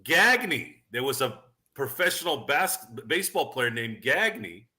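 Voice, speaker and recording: A man's voice: medium pitch, big pitch swings, measured pace, bright, forceful tone. A man hosting a casual sports talk stream, rambling with stammered restarts and reading viewer questions aloud. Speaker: podcast host.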